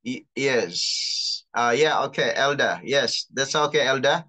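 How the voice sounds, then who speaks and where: A chaplain teaching an online class, patiently explaining and reading out terms slowly over a video call. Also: medium pitch, expressive, sharp tone. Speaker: chaplain and lecturer.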